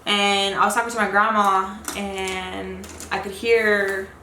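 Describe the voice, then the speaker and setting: A woman's voice: medium pitch, little pitch movement, takes it slowly, pushed and bright. A young woman telling a long personal story in a casual vlog, frustrated and rambling, full of fillers. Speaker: vlogger. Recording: echoey room with faint noise.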